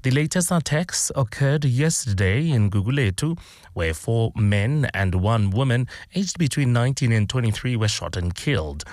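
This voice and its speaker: A man anchoring a radio news bulletin, reading scripted copy in a measured, formal way. His voice sits at an ordinary middle pitch and is recorded close and dry in a studio. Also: no echo. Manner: steady formal delivery.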